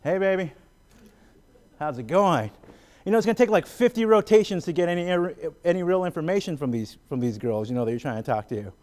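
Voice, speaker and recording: A man's voice: high-pitched, quick pace, hardly any pauses, dark tone. A man from the Gila River area of Arizona doing stand-up comedy and then talking in an interview, chatty and full of fillers. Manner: chatty, many fillers, laughs between jokes. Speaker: comedian, guest.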